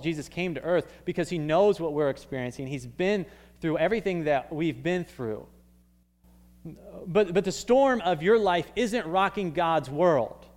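Young pastor preaching casually. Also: male voice, a little high. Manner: conversational, many "like" fillers and restarts. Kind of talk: casual sermon.

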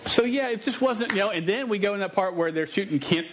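A man's voice: high voice, quick pace. A man in his forties preaching, telling a family story with jokes, frequent stammers and restarted words. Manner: stammering, joking and animated, often restarting words. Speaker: pastor. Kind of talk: sermon with a storytelling aside.

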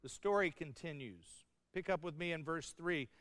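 High-voiced male pastor, smooth and clear. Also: moderate pace, a bit bright, no echo, big-room sound. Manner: storytelling with humor and acted-out quotes. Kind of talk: sermon.

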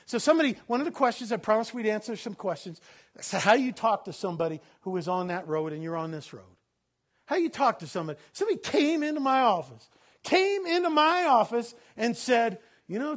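A man with a strikingly high voice preaches a sermon to his congregation. He gets loud and laughing in his stories, then drops low and quiet to read scripture. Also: moderate pace. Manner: animated preaching, swinging from loud laughing bursts to low solemn reading. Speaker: pastor.

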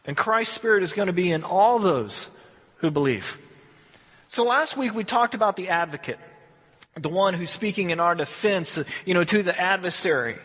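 A man's voice: high voice, slightly rough, big-room sound. A man teaching a verse-by-verse Bible study in a folksy, conversational way, acting out the quotes. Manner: folksy, animated, acts out quotes.

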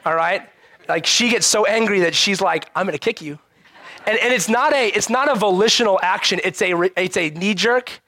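A married man, a pastor, preaching a sermon with animated acted-out quotes and humor. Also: high-pitched, moderate pace, no room sound. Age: adult married man.

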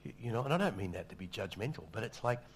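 A middle-aged man preaches a sermon in a low voice. He speaks casually and makes fun of himself, sometimes stumbling over a word before he goes on. A faint hum sits under the recording. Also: expressive, very fast. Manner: conversational, self-deprecating, stammers on restarts. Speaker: pastor. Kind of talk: sermon with storytelling.

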